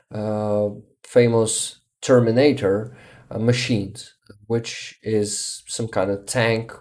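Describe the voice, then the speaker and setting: A man with a Ukrainian accent chatting casually on a livestream, exhausted and halting, often restarting words. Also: on the low side, dark tone. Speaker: livestream host.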